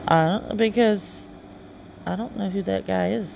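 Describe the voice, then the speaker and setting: Gravelly gamer reading aloud. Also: mid-range voice, a little mellow, slight background noise, poor audio. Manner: halting reading, stumbles over words, chatty asides. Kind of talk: casual reading of game dialogue with asides. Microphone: phone game recording with mic.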